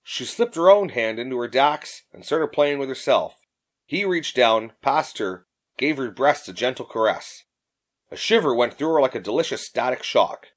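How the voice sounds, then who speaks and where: A man narrating an audiobook in an expressive reading. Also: medium pitch, normal speed.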